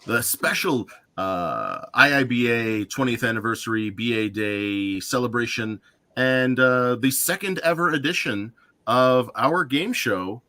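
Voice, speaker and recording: A man's voice: mid-range voice, bright, forceful tone. A man hosting an online game show, upbeat and joking, with frequent fillers.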